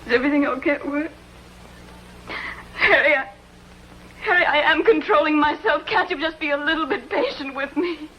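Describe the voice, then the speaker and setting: A woman's voice: high voice, a bit bright, a little hiss or hum, rough recording. An actress playing a lonely, desperate woman who pleads on the phone with her estranged lover, stammering and near tears, in a 1960s TV drama style. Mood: tearful pleading. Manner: halting, stammering, tearful pleading. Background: music score.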